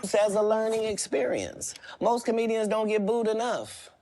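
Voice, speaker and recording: A man's voice: high-pitched, steady tone, moderate pace, noisy background. A man who is a comedian, talking in an interview in a brash, joking and boastful way. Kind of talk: interview talk.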